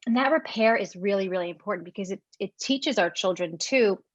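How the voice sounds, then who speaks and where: A woman parenting coach giving gentle, earnest advice as a guest, often repeating words as she thinks. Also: mid-range voice, a little fast, dry recording. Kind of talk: reflective advice-giving conversation. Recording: dry, dull lo-fi call audio.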